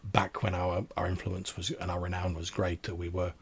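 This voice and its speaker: Man doing a old vampire crone, very deep, husky, flat, formal, halting. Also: full character voice. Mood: courteous. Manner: formal, courteous, halting with repeated words.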